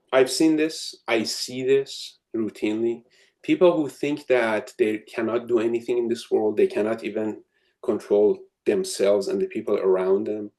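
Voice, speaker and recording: A man's voice: medium pitch, mellow. A man giving a reflective advice talk to students, full of ums and restarts. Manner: thoughtful, many ums and restarts. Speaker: academic speaking to students. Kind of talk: advice lecture with storytelling.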